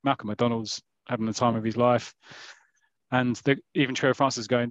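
A man's voice: mid-range voice, steady tone, a little fast, no echo. A man with a South East London accent, telling a comic story as rambling mock football commentary on a podcast. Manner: rambling, with self-interrupting restarts and asides. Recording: dull lo-fi recording.

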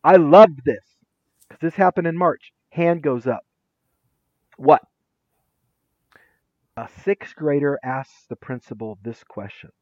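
A man speaking as an interview guest, telling stories with lively acted-out quotes. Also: fairly high pitch, slow, long pauses, no echo, dull audio. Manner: lively, acts out quotes with shifting voices. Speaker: interview guest, former teacher and administrator. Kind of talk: animated storytelling.

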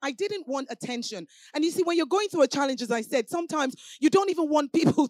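A woman preacher with a high voice, her delivery impassioned and full of repetition. She moves between quiet, heavy passages and loud, ringing exclamations. The sound is dry and close. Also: dry recording. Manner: impassioned, repetitive, swinging from hushed to shouted. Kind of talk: sermon.

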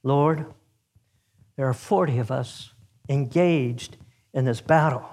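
A man voicing a group of Christian soldiers who answer with calm, respectful defiance. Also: mid-range voice, takes it slowly. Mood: resolute.

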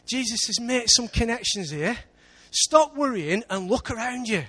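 A lively English preacher man. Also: very high-pitched, moderate pace, hardly any pauses. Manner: lively preaching with big swings in loudness. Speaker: pastor. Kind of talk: sermon. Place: church.

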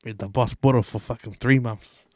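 A man's voice: medium pitch, fairly even intonation, moderate pace, warm tone, no room sound, studio quality. A man co-hosting a podcast, telling workplace stories in casual chat and swearing freely. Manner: swears freely, tells stories acting out quotes. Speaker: podcast co-host.

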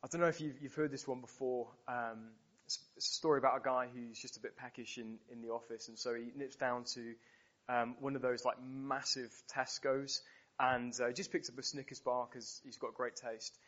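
A British male preacher delivering a sermon in an animated, storytelling manner. He leans on emphatic repetitions and sits at a middle pitch. The recording sounds dull and muffled. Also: moderate pace.

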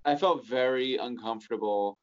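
A man's voice: mid-range voice, moderate pace, muffled recording. Man teasing through casual movie chat. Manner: teasing, wordy, trails off searching for names. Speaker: podcast co-host.

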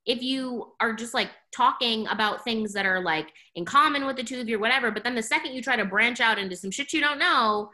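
A woman talking in a casual podcast chat, blunt and animated, saying "like" a lot and swearing freely. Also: on the high side, fairly quick, hardly any pauses.

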